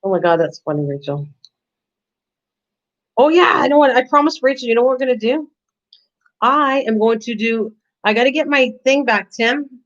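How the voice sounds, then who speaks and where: Older woman, casual streamer from her kitchen, talks to viewers and laughs a lot; a bit high-pitched, muffled stream audio. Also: expressive, normal speed, long pauses. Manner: chatty, talks to viewers by name, laughs often. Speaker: live-stream host. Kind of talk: casual live-stream chat. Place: home kitchen.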